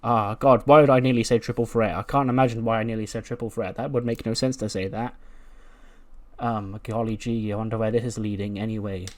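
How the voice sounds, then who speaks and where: A man's voice: fairly low pitch, steady tone, brisk. A man casually narrating a wrestling sim playthrough in a chatty, self-mocking way, often laughing at himself. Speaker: let's-play narrator. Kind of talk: casual game commentary.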